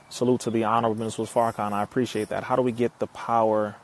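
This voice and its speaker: A man's voice: fairly low pitch, little pitch movement, rapid-fire, a little hiss or hum. A man talking to viewers on a live stream, reading their comments and answering them, preachy and emphatic, repeating his points. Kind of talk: casual live stream talk.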